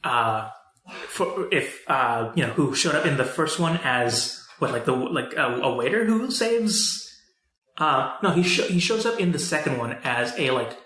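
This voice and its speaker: Bright-voiced rambling man in echoey room. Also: a little high, expressive, unhurried. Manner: rambling, many fillers and restarts. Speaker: podcast co-host. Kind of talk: casual chat about movies.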